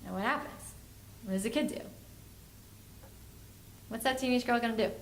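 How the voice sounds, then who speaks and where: A woman's voice: a little high, moderate pace, a little hiss or hum. A woman, a family therapist, giving a workshop lecture and acting out the parents and kids she quotes. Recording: echoey room, faint ambience.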